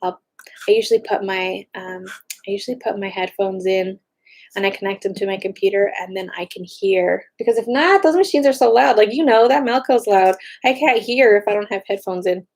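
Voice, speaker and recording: An excitable woman chatting casually, gushing while she browses online. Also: medium pitch, fairly quick. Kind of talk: casual chat.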